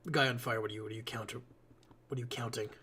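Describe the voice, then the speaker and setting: Speaking very fast in a mid-range voice with fairly even intonation, this man sounds pushed, bright and slightly rough. He's live-streaming a build in a game, rambling casually to his viewers, swearing along the way and yawning frequently.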